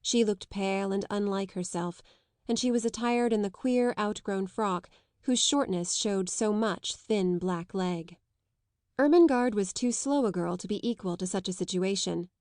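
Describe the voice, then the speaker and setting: A woman narrating a classic children's novel in a measured, even reading. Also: mid-range voice, no echo, clean studio sound. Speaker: audiobook narrator.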